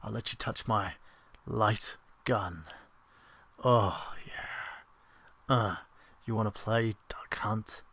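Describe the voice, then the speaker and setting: A man putting on the voice of a creepy, leering seducer, murmuring slow, breathy sex talk. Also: fairly even intonation, fairly bright tone, dry recording, exaggerated voice. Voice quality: low breathy murmur, drawn out.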